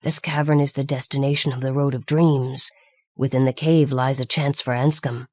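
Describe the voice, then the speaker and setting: A woman reading the part of a grave old man who guides the way, speaking low and hushed. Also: steady tone, normal speed, no echo, studio quality. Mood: solemn.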